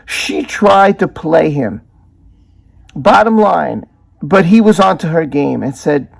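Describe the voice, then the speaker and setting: A man's voice: on the high side, expressive, takes it slowly, vocal fry, breathy edge. A man hosting his own channel, giving indignant and emphatic commentary and stacking up strong words. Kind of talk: opinionated video commentary.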